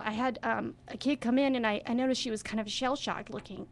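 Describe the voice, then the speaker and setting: Enthusiastic woman guest, slightly high voice. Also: fairly quick. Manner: enthusiastic, expressive storyteller. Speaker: children's theater director and guest. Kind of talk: radio interview talk. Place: radio studio.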